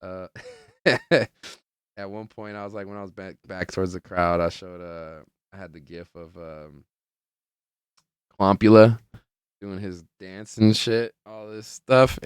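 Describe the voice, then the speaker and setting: A man's voice: low-pitched, steady tone, measured pace, pauses often, clear, resonant tone, no echo, clean studio sound. A man hosting a casual solo podcast, telling rambling, profane stories full of fillers in a laid-back way. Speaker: podcast host.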